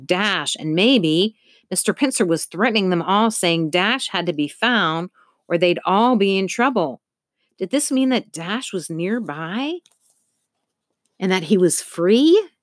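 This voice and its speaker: A woman narrating a children's story in an expressive, measured way. Her voice is low-pitched, and the recording is dry and close. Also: dry recording. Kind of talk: audiobook narration.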